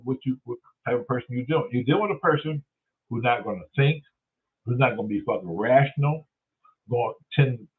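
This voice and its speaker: A man hosting his own show, telling stories in a casual, profane rant and acting out what people said. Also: mid-range voice. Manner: profane, animated storytelling with acted-out quotes. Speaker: host. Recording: tinny phone-like sound.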